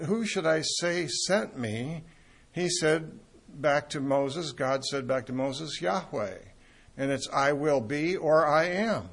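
An older man teaching a Bible sermon in a conversational way, asking his listeners questions and pausing on fillers as he thinks. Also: fairly high pitch, breathy edge. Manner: conversational, asks the audience questions, frequent fillers. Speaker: preacher.

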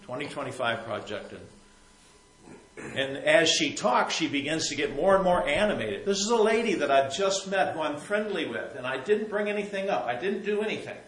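A man telling a personal faith story in a rambling, repetitive way, sometimes growing soft and emotional. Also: a little high, expressive, normal speed, echoey room, rough recording. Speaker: Christian storyteller.

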